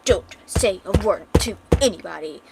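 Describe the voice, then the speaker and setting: A woman's voice: lowish voice, expressive, moderate pace, creaky, over loud music. A woman voicing a tiny, sassy winged young woman who talks curt and grumpy. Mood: snappy.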